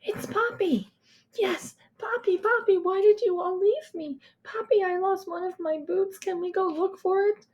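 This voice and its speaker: A woman voicing a scared, hurt young girl who cries out in a high, pleading voice. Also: unhurried, darkish tone, muffled recording. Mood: frightened.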